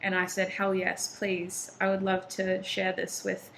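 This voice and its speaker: A woman whose first language is not English, reading tarot cards aloud for her viewers in a chatty, encouraging way, often pausing on ums and restarting sentences. A faint hiss sits under her voice. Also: medium pitch, completely flat delivery, a bit bright, poor audio. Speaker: tarot reader.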